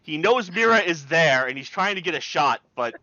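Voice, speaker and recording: A man's voice: fairly high pitch, lively intonation, normal speed, pushed and bright, no echo, muffled recording. A man narrating as game master, plainly explaining the rules and enemy moves.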